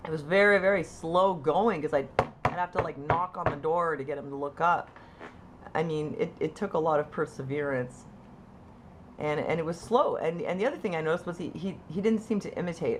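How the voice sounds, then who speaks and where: A woman telling her own story as a mother, in a casual, conversational way, with halting restarts and bright quoted asides. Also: sits low, a little hiss or hum. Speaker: mother sharing her experience. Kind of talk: casual personal account to camera.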